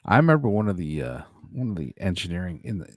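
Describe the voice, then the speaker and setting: A man's voice: sits low, big pitch swings, fast talker, no echo, clean studio sound. A man hosting a casual live stream, reading chat aloud, joking and laughing often. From United States. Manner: laughs often, jokey, plays silly voices for chat.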